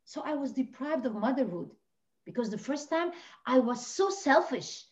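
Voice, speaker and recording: A woman from Lebanon, a podcast guest telling her personal story with passion, swinging between hushed and near-shouting. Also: sits high, lively intonation, normal speed. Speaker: podcast guest, life coach. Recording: dull lo-fi audio.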